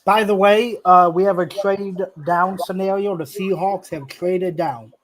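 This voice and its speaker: An easygoing man co-hosting a casual fan live stream. His voice sits high. He takes his slip-ups lightly and keeps the chat moving. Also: fairly even intonation, unhurried, fairly bright tone, low-quality recording.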